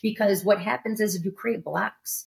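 A woman's voice: medium pitch, measured pace, gravelly. A woman hosting a studio podcast, talking candidly and emphatically in casual chat. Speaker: podcast host.

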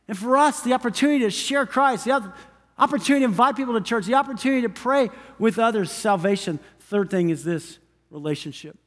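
A male pastor preaches to his congregation in a high, ringing voice, hammering home each point with repeated phrases. His words trail off into the long reverb of a large church hall. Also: a bit bright. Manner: emphatic, repetitive preaching cadence. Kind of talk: sermon. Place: church sanctuary.

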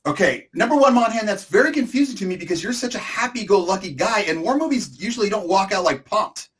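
A man's voice: sits high, animated, fast, a bit bright. A middle-aged man co-hosting a casual chat, telling a long comic story with exaggerations and asides. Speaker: co-host.

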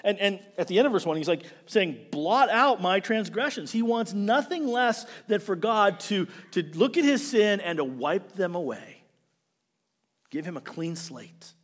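Male pastor, sermon, fairly high voice, loud emphasis then hushed asides, acts out prayers. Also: animated, normal speed. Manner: acts out imagined prayers and quotes in character.

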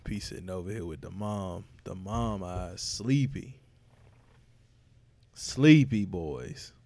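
Slow, gravelly man hosting a podcast. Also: sits low, a little mellow. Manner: laid-back, profane, joking. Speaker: podcast host. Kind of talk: casual chat.

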